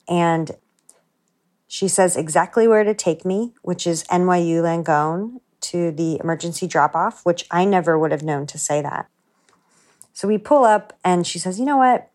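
Low-voiced woman telling a personal story. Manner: earnest, reflective, voices her own inner thoughts quietly. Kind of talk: personal story told to a producer.

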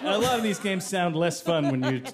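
A man's voice: sits high, animated, normal speed, heavy background noise. A man co-hosting a live quiz show, delivering dry jokes. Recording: live audience clearly heard.

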